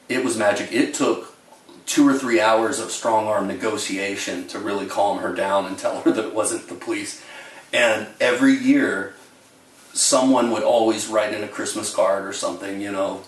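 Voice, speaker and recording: A man with a fairly low voice tells funny childhood stories straight to his camera. His delivery is wry and deadpan. The sound is roomy, with him sitting some way off the mic. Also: distant mic. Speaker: storyteller. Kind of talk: comic storytelling to camera.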